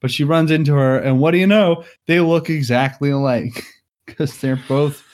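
A man's voice: a little high, moderate pace, a little mellow. A man co-hosting a podcast, casually recapping a movie plot, rambling with many "like"s and frequent chuckles. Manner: rambling, heavy on "like", chuckles often.

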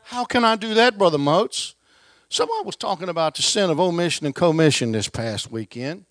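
In a dry recording, a man preaches with folksy energy, alternating forceful emphasis with softer asides. He has a high voice and keeps a moderate pace.

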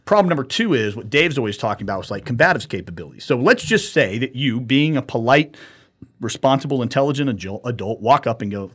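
Husky-voiced man telling stories animatedly. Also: mid-range voice, fast talker. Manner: animated storytelling, acts out quotes, swears often. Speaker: podcast co-host. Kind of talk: casual profane podcast chat.

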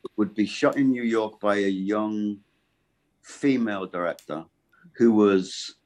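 Deep-voiced man, rambling interview guest. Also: darkish tone. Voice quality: deep, low voice. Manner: rambling, halting and self-correcting. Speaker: voice actor guest. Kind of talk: casual interview chat.

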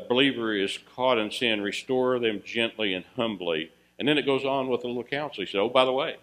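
A man's voice: a bit bright, low-quality recording. A man preaching a sermon in a folksy way, asking his listeners questions and lifting his voice when he quotes scripture. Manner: rises in pitch and volume reading scripture, drops low for asides; folksy, asks the audience questions. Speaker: pastor.

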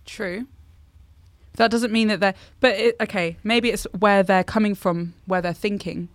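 A woman speaks in relaxed podcast chat, mixing quick agreement with questions she turns over thoughtfully. Her voice sits mid-range. The sound is close and dry. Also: medium pitch, no echo. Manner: brief agreeing replies, then reflective questions. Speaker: podcast producer and co-host. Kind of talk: casual chat.

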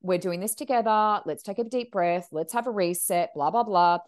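A woman's voice: medium pitch, moderate pace. A woman who works as a medium, telling stories in a casual podcast chat and acting out the voices of people in them. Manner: animated, acts out quoted voices.

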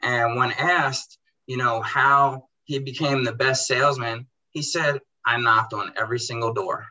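A young man who runs a car detailing business, telling animated stories in casual chat and acting out dialogue in quotes. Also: mid-range voice, unhurried, muffled recording. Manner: animated, acts out dialogue in quotes, says bro and dude. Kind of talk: casual storytelling in a podcast chat.

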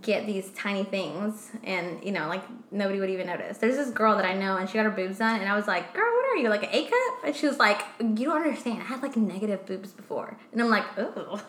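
A woman's voice: mid-range voice, quick pace, hardly any pauses, fairly bright tone, echoey room. A woman co-hosting a podcast, chatting casually, swearing a lot and trailing off into fillers. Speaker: podcast co-host. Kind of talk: casual chat.

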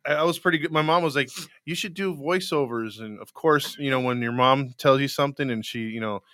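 A man's voice: medium pitch, fast talker, bright, forceful tone, clean tone, dry recording, clean studio sound. A man co-hosting a live podcast show, chatting casually and telling stories with frequent laughs and repeated words. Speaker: podcast co-host.

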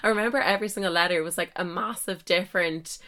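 A woman's voice: fairly low pitch, fast talker, sharp tone. A young adult woman hosting her own podcast, chatting casually and mocking herself, with frequent mild swearing. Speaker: podcast host. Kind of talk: casual solo podcast chat.

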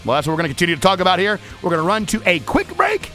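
Fired-up radio host, high lively voice. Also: male voice, rapid-fire, soft background music. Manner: animated, shouting, playful asides. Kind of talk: energetic motivational radio talk. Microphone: studio microphone.

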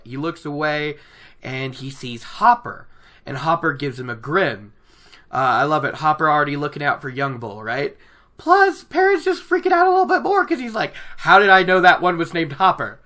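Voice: mid-range voice, fairly bright tone. A host casually recapping a fantasy novel chapter, chatty and rambling, with lots of fillers. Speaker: book podcast host.

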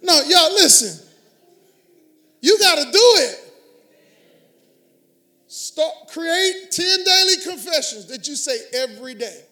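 Pastor guy, real high voice for a man, emphatic preaching, keeps calling on the crowd to answer. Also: animated, slow pace, pauses often, bright, forceful tone. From Houston area, US. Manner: emphatic call-and-response preaching. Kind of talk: sermon.

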